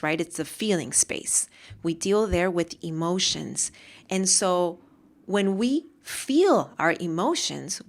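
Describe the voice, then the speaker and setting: A woman hosting a solo motivational podcast, talking with passion and often repeating phrases for emphasis. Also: medium pitch. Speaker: podcast host and mentor.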